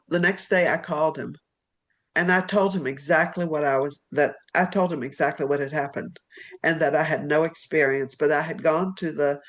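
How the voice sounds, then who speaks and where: Rambling, animated woman telling stories. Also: sits low. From Virginia, US. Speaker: literary agent, podcast guest. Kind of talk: storytelling in an interview.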